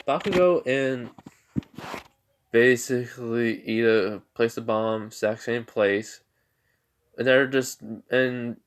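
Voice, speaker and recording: A man casually retelling his own fan-made story, rambling and halting with lots of fillers and restarts. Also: lowish voice.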